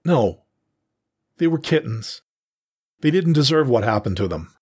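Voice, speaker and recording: A man's voice: mid-range voice, sing-song, a little slow, darkish tone, breathy edge, voice pushed up. A man voicing a young male feline exile who answers in a wavering, defiant voice. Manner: wavering, pleading outbursts.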